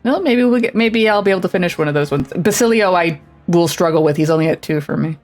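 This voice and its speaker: A woman's voice: lowish voice, expressive, fast talker, a little mellow. Woman streamer, casual game commentary, chatty, self-deprecating, faint background music. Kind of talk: casual let's-play commentary.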